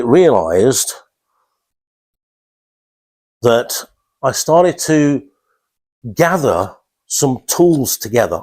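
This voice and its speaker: A man gives his first talk in a small lounge, speaking haltingly with restarts and fillers. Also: mid-range voice. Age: 50s. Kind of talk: informal talk to a small audience.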